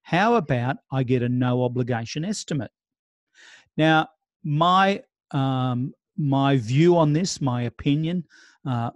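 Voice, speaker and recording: In a relaxed real estate sales lesson, a man acts out client scripts and restarts himself frequently. He has a fairly high, slightly mellow voice, recorded without any room sound.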